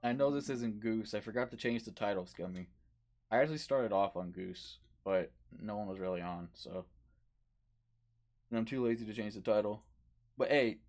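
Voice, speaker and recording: A man's voice: fairly low pitch, normal speed, a little mellow. A man streaming a game playthrough, rambling casually and chatting to his viewers in a self-mocking way.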